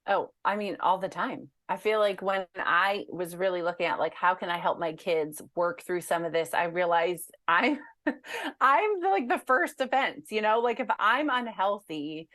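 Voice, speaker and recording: A woman author talking as an interview guest in a chatty, animated way, with a lot of "like" and "you know". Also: on the low side, moderate pace, no echo, studio quality. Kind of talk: casual interview conversation.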